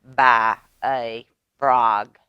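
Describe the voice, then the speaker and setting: A woman's voice: very deep voice, steady tone, extremely slow, clear, resonant tone, no room sound, highs cut off, voice pushed down, exaggerated voice. A woman voicing a grumpy, sleepy male bear who growls and grumbles in a children's storybook reading.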